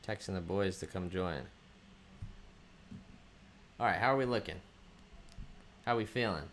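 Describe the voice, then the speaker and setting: Speaking in an unhurried, low-pitched voice with a bit of brightness, this man runs a casual livestream, and there's slight background noise. He greets viewers by name and thinks aloud, using lots of ums.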